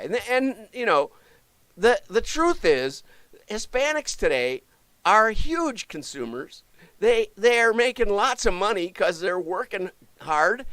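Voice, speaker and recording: A middle-aged man from the US hosts a casual livestream, chatting in a fairly high voice that swings up and down a lot. He jokes and breaks off into asides, and the close mic sounds dry. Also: fairly bright tone, no echo. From United States. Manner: chatty and jokey, self-interrupting asides. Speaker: livestream show host.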